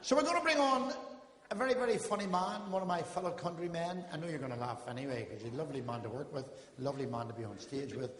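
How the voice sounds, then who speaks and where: An older man doing a stand-up comedy routine on a live stage, telling jokes in quick patter and quoting the people in his stories. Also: fairly high pitch, a bit bright. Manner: joke-telling with character quotes, rapid patter. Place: live theatre stage with audience. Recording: echoey hall recording, faint ambience.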